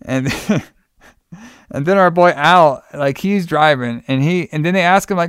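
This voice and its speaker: A man recapping a movie in casual chat, animated, laughing and swearing often. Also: a little high, a little slow, clear, resonant tone, no room sound, clean studio sound.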